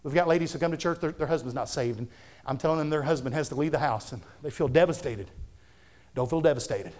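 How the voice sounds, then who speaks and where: A man's voice: a little high, quick pace, a little mellow. A man, a pastor preaching a fervent, conversational sermon full of repetitions.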